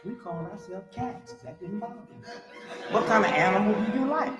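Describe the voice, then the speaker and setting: A man in his sixties performing a stand-up comedy monologue, animated and preachy, baiting the crowd with rhetorical asides. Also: high-pitched, fairly quick. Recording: live hall recording, reverberant, music behind.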